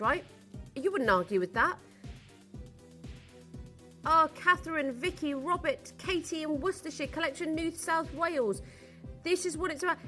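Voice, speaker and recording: A woman presenting on a live shopping channel, gushing and excitable as she sells jewellery and home goods from a studio. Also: sits high. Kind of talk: live selling pitch.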